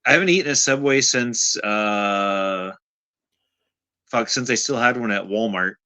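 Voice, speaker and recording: A man co-hosting a casual movie-review podcast, talking in an animated way, swearing freely and cutting in on the others. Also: lowish voice, measured pace, clean tone, no room sound. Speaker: podcast co-host.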